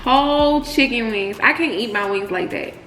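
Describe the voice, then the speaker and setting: A young woman with a drawl and a high, bright voice, giggly and chatty as she hosts a mukbang. Her voice bounces around an echoey room over a faint hum. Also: moderate pace. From Texas, United States. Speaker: co-host of a couples channel. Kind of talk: casual mukbang chat.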